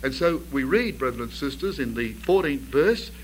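A man's voice: medium pitch, expressive, normal speed, a little hiss or hum, poor audio. A man preaching a sermon to a congregation. He tells the story vividly, asks rhetorical questions and builds to emphatic bursts.

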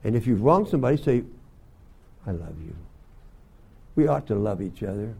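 An older man teaching a Bible school class, telling folksy stories and often clearing his throat. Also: medium pitch, quick pace, darkish tone. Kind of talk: sermon to young students.

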